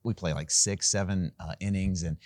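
Animated storytelling pastor, dry close sound. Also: male voice, sits low, moderate pace, no echo. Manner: animated, self-deprecating storytelling with laughs. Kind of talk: sermon with a personal story.

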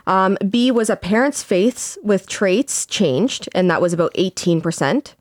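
A young woman co-hosting a casual podcast, calmly reading from articles and quotes with small fillers. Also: medium pitch, dry recording, studio quality. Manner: measured, reads quotes aloud with fillers. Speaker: podcast co-host.

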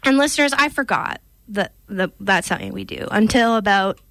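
A young adult woman hosting a film podcast in casual chat, playful and quick to laugh at puns. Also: mid-range voice, expressive, fairly bright tone, dry recording. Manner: playful, laughs often, pun-loving. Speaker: podcast host.

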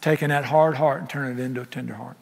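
A middle-aged pastor, preaching a folksy, impassioned sermon that swings from loud to soft. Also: male voice, medium pitch, steady tone, fast talker, vocal fry. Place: large church sanctuary. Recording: echoey sanctuary with long reverb.

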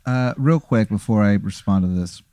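A man's voice: on the low side, normal speed, dark tone, no echo. A man playing along in improvised comedy, sheepish and apologetic.

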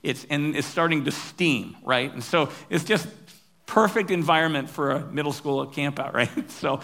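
A male pastor giving a sermon, telling stories in a relaxed, humorous, conversational way. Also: fairly high pitch, moderate pace.

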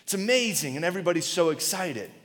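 A man in his thirties giving a sermon in a church auditorium, casual and animated, telling stories with lots of "like" and "right?". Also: high-pitched, fast, long reverb tail. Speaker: pastor.

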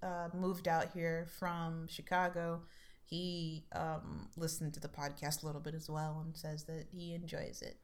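A woman's voice: level tone, a little slow. A young adult woman co-hosting a podcast in easygoing, chatty conversation. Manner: chatty, easygoing, acts out quoted people in a higher voice. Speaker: podcast co-host. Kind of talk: casual podcast chat.

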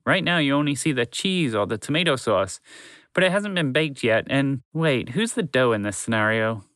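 A man voicing a gentle, absent-minded male horse who rambles as he talks. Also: medium pitch, animated, moderate pace, no room sound, studio quality, lightly acted. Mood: musing.

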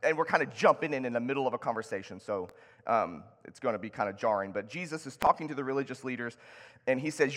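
A man's voice: medium pitch, expressive, fast talker, fairly bright tone. Conversational man preaching in a reverberant hall. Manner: conversational, with restarts and Scripture read aloud. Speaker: pastor. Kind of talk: sermon. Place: church sanctuary.

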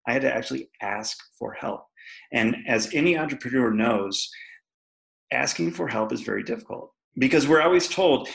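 Male podcast guest, candid storyteller, gravelly voice, laughs often. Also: mid-range voice, animated, a little fast, a bit bright, low-quality recording. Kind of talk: personal storytelling in an interview.

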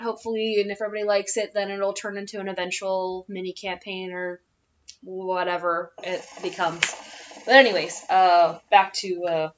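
A woman's voice: mid-range voice, a bit bright, muffled recording. A woman in her twenties, a player and podcast co-host, chatting casually with many fillers and rambling asides. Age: 20s.

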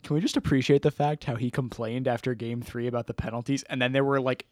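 A young man with a mid-pitched voice chats casually on a sports podcast in a relaxed, easygoing way. The sound is dry and close to the mic. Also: fast, no echo. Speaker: podcast co-host.

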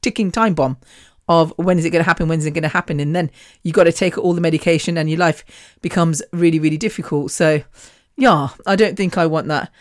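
A woman's voice: deep voice, fast talker, no echo, clean studio sound. A woman hosting her own podcast, talking bluntly and defiantly in a chatty monologue, laughing often. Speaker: podcast host. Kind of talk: casual monologue.

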